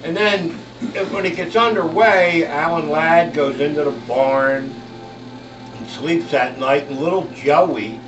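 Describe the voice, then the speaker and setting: A man's voice: on the high side, takes it slowly, over music. An older man telling rambling, profane, chuckling anecdotes to friends in casual storytelling. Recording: echoey, distant, dull, with loud crowd chatter.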